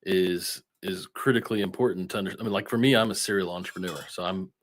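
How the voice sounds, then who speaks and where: A man with a fairly low voice hosts a casual interview. He talks easily and backs up his guest with quick, supportive agreement. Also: slight background noise. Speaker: interview host, entrepreneur.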